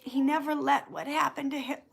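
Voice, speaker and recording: A woman hosting a casual livestream, clearing her throat often and restarting her sentences as she tells a personal story, sounding teary. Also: sits high, fairly even intonation, normal speed. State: teary, emotional. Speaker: YouTube channel host answering viewer questions.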